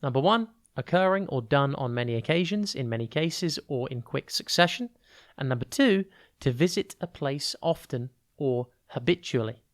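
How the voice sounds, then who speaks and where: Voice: mid-range voice, animated. Tutor spelling out vocabulary. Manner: clear, deliberate explaining, spells words out letter by letter; stretches key words to show stress. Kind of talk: podcast vocabulary lesson.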